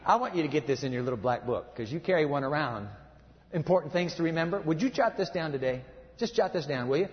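A high-voiced man preaches with emphatic swings from booming to hushed. His voice carries a long reverb from a large hall, and the sound is slightly dull. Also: animated, fast talker. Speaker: pastor. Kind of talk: sermon.

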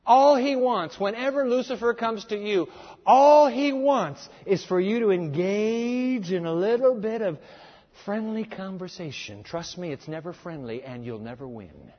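A man preaching a sermon. He is emphatic and dramatic, and swings between loud stress and near-murmurs. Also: high-pitched, lively intonation, normal speed. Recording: echoey hall, dull lo-fi sound.

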